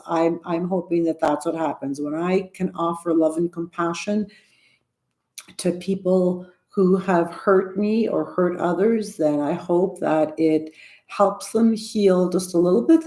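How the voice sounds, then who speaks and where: A woman's voice: lowish voice, unhurried, dark tone. A woman in her sixties vlogging to camera in a casual, earnest way, often restarting and circling back mid-sentence. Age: 60s. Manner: rambling, self-interrupting, earnest. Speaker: YouTuber. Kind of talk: casual vlog talk to camera.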